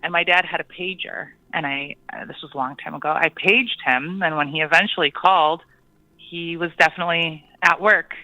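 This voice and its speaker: A caller telling a personal ghost story on a call-in show, hesitant, with many pauses and ums. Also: medium pitch, steady tone, bright, forceful tone, no echo, rough recording.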